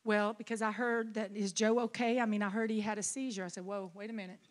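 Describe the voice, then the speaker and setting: A middle-aged woman pastor preaching a sermon, telling a personal story with rising emotion and shouting. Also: medium pitch, steady tone, fast talker. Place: conference hall.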